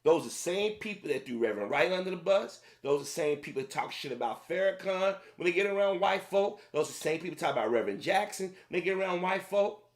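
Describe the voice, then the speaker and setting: Male commentator, slightly higher voice, heated, repetitive opinion rant. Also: animated, fast, hardly any pauses. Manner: heated, repetitive, addressing the audience directly.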